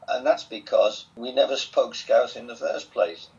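An older Englishman with a Southwest Lancashire accent speaks in a mid-range, slightly mellow voice at normal speed. As an interview guest, he tells relaxed stories in a chatty, wry, self-amused manner, and the recording sounds dull and lo-fi.

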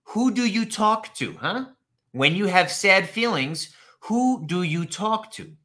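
Slow, animated man teaching English. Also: high voice. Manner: slow, repetitive, animated teacher talk, answers chat questions. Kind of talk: live online English lesson.

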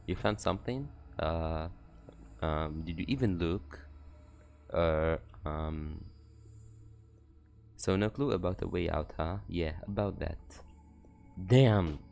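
Sleepy, very deep-voiced man gaming. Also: slow pace, creaky, long pauses, a little mellow. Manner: swearing, joking, reading dialogue aloud. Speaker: let's player. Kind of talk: horror game commentary with read-out dialogue. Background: game music.

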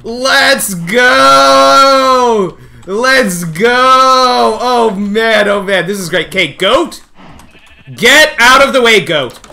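A man streaming a game live, talking excitedly to his chat and coaxing the animals along, often shouting and laughing. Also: high-pitched, slow pace, vocal fry. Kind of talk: excited live gameplay commentary.

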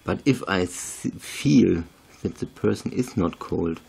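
A man's voice: low-pitched, animated, takes it slowly, creaky, a little mellow, slightly rough. A man, chatting casually through a craft tutorial in broken English, rambling and laughing at himself. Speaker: video maker.

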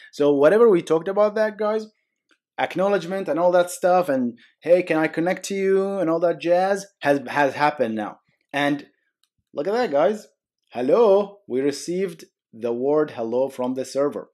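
Here a man with a darkish, mid-range voice hosts a laid-back coding tutorial. Going through code on screen, he adds jokey asides and frequently uses "okay?" and "guys".

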